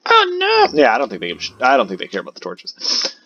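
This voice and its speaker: A man's voice: low-pitched, racing, fairly bright tone, a little hiss or hum. A man giving casual gameplay commentary as a new content creator, rambling and chatty with many fillers. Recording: dull lo-fi recording.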